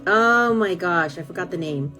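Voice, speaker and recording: A woman's voice: lowish voice, expressive, moderate pace, bright, forceful tone, faint music behind. A woman from California, chatting casually on a live stream, rambling and gushing with lots of fillers as she answers viewer comments.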